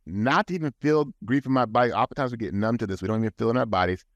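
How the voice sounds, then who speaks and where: A man's voice: mid-range voice, quick pace, dry recording. A man guest on a podcast, talking in an earnest, advising way with frequent restarts, recorded in a studio. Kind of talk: casual podcast talk.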